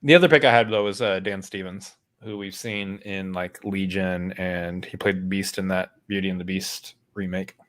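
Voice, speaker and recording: A man co-hosting a casual film podcast, his voice sitting fairly low. He rambles and restarts often, filling gaps with ums and uhs. He keeps it easygoing and self-deprecating. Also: fairly even intonation, normal speed, few pauses, a bit bright. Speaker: podcast co-host. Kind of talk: casual chat.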